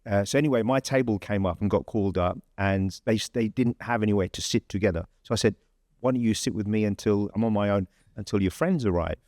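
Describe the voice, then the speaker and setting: An English man with a fairly low voice tells a story in a loose, conversational way. He restarts sentences and leans on fillers as he goes. The sound is close and dry. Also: fast, darkish tone, no echo. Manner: chatty, rambling storyteller with many fillers and restarts. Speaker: podcast host. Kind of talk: casual anecdote telling.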